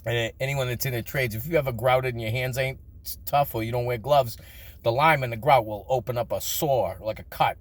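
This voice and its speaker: A man's voice: mid-range voice, a little fast, no room sound. A man telling crude, funny childhood stories in a casual vlog, swearing often and laughing between lines. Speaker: storyteller.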